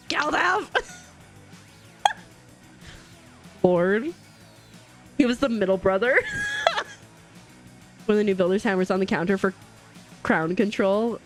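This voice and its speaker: A woman's voice: mid-range voice, huge pitch swings, slow, pauses often, soft background music. A woman streaming a game live, chatting casually, laughing often and greeting her chat viewers. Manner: bubbly, giggly, greets chat viewers warmly.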